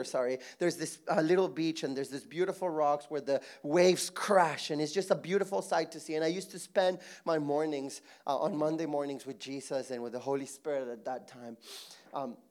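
A middle-aged man from Mexico preaching a sermon, swinging between soft intimate moments and loud emphatic passages, his voice going hoarse. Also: on the high side. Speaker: pastor.

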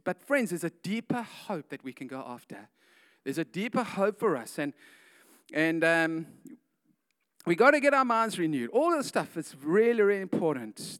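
A man's voice: high-pitched, fairly bright tone. A man preaching a casual sermon, retelling a story with slangy asides like "man" and "guys".

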